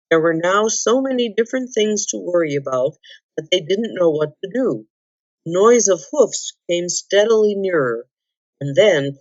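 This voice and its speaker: Calm woman reading a storybook aloud. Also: on the low side, no room sound, dull audio. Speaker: volunteer reader.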